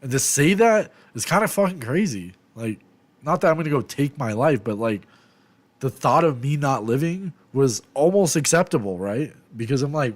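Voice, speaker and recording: Young guy venting to camera, lots of swearing and fillers, goes quiet and trails off, avg pitch. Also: animated, normal speed. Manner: rambling, swears a lot, heavy fillers; low, subdued and reflective, trailing off quietly. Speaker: vlogger. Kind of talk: candid confessional vlog.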